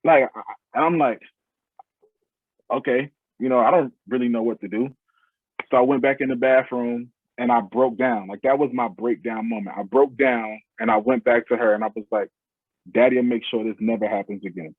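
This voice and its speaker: A man tells his story as a podcast guest in a husky voice, earnest and heartfelt, his phrases starting over as he goes. The sound is thin and phone-like, and dry with no room around it. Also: mid-range voice, fairly even intonation, normal speed, no echo. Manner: earnest, heartfelt, speaks in loose restarting phrases. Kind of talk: casual interview storytelling.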